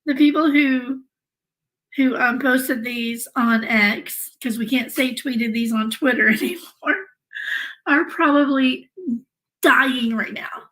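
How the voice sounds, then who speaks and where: A woman's voice: a little high, slow pace, fairly bright tone, low-quality recording. A woman hosting a live true-crime stream, reading a legal document aloud and breaking off for wry asides to her viewers.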